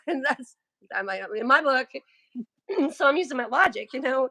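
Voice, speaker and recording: A woman's voice: high-pitched, animated, unhurried, sharp tone, no echo. A woman chatting casually and telling a story, often laughing, and losing her voice. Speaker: livestream co-host. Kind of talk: casual chat.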